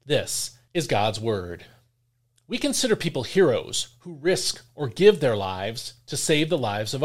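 Earnest man reading a devotional, lively pitch. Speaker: devotional host. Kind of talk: scripture reading and devotional commentary.

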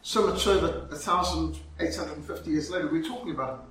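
A man preaching a sermon, telling a story dramatically and slowing down for emphasis. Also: on the high side, fairly bright tone. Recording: very echoey, from far off, faint ambience.

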